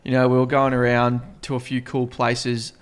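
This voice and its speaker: A man's voice: medium pitch, moderate pace, clean tone. Australian guy telling a story. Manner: animated storytelling, swears freely. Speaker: podcast co-host. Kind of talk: casual chat.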